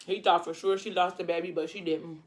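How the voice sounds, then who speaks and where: A woman vlogger telling a casual, rambling story while eating on camera, with quick apologetic asides to her viewers. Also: lowish voice, fairly even intonation.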